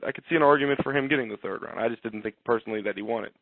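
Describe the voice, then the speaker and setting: A man's voice: mid-range voice, rapid-fire, creaky, dry recording. A man co-hosting a casual radio show, teasing his partner with dry wisecracks. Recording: tinny phone-like web radio audio.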